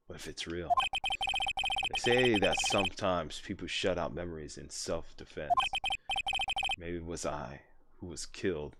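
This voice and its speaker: A man's voice: deep voice, very noisy, voice pushed down. A man reading as a haunted, grim young prosecutor. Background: loud game music.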